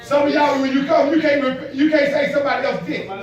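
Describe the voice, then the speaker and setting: High-pitched preacher shouting in an echoey church. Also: male voice, flat delivery, fast, muffled recording, crowd noise. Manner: preaching with shouted call-and-response cadence. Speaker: pastor. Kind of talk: sermon. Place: church sanctuary. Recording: echoey church hall, mic off at a distance, congregation noise. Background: congregation responding.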